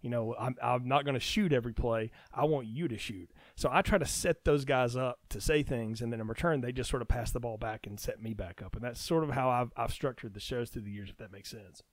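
A man's voice: mid-range voice, fairly quick, hardly any pauses, no echo. A man talking as a podcast guest, chatty and easygoing, rambling through stories in casual conversation.

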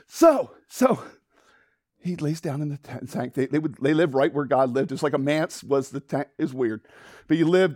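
A man's voice: mid-range voice, breathy edge. A man preaching from the pulpit, retelling a scripture story with energy and acting out its characters. His voice sits in a middle register. The recording is dry and close, with no room echo. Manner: animated storytelling, acting out voices, then hushed prayer. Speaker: pastor. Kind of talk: sermon with acted-out Bible story and prayer.

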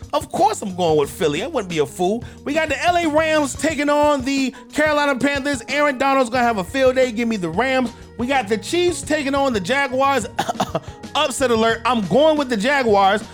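A man's voice: very high-pitched, fairly bright tone. A man hosting a sports podcast, giving his football picks in a brash, punchy, repetitive way. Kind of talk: solo sports picks commentary.

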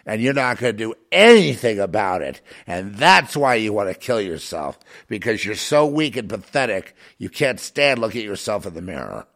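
A man's voice: on the low side, very animated, moderate pace, creaky, few pauses, a bit bright, exaggerated voice. A man voicing an arrogant male tyrant who taunts and mocks his listeners with contempt. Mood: taunting. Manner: taunting, mocking, domineering.

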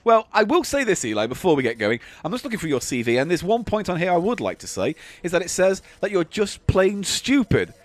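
Playful high-voiced man. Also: very animated. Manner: playful interviewer, quick back-and-forth. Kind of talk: improvised comedy chat.

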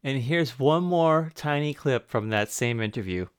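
A man's voice: medium pitch, lively intonation, a little slow, clean tone, no echo, studio quality. A man hosting a podcast, linking clips and thanking guests and supporters. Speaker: podcast host. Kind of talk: podcast narration.

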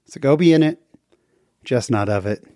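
A man from the western United States hosting a podcast, earnestly retelling a faith story with lively jumps in pitch. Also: normal speed. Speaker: podcast host.

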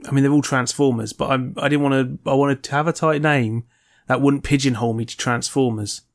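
A man co-hosting a podcast, talking quickly in casual chat. His manner is dry and grumbling, and his pitch sits in the middle range. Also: fairly even intonation. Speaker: podcast co-host.

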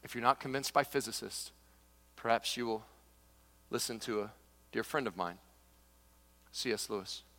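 A middle-aged man, a pastor preaching a sermon, telling a story with big swings from loud exclamations to hushed, intense asides. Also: medium pitch. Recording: echoey large hall.

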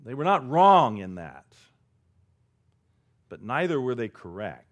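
Animated preaching man, wide pitch swings. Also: a little slow. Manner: dramatic preaching with sudden swings from loud to hushed. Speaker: pastor. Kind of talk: sermon.

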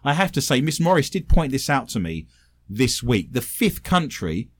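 A man's voice: mid-range voice, big pitch swings, normal speed. A man co-hosting a comedic podcast, reading listener messages in a wry, teasing way and laughing often. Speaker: podcast co-host.

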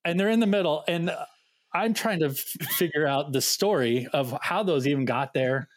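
A man who serves as a youth ministry director, telling funny camp stories in a relaxed conversational way and acting out the dialogue. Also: on the high side, normal speed, dry recording. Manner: animated anecdote-telling with quoted dialogue. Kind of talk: casual storytelling.

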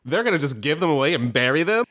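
A man's voice: fairly high pitch, very animated, fast, a bit bright. A man co-hosting a casual podcast chat, joking and swearing freely while reading out listener letters. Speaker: podcast co-host.

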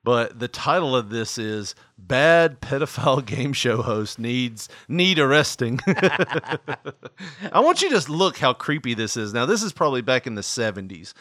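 A man's voice: medium pitch, a little slow, dry recording, clean studio sound. A man hosting a casual podcast chat, telling stories with lots of laughter. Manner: laughs often, animated storytelling. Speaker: podcast host.

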